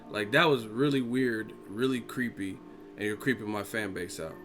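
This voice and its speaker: A man hosting a boxing live stream, reading chat comments and mocking them in a casual, profane, animated way. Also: fairly low pitch, moderate pace, soft background music.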